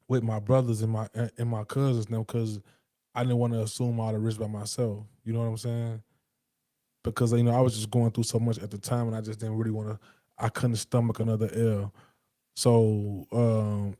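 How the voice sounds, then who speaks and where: A man's voice: medium pitch, dark tone, dry recording, studio quality. A man talking casually in a rambling, emphatic monologue, full of street slang and profanity. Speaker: podcast host.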